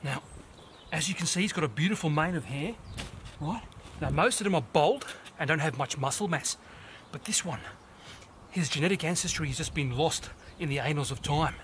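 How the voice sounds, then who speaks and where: A man's voice: a little high, normal speed, fairly bright tone, slight background noise, natural voice. A man doing a brash Australian wildlife host. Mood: hushed showman.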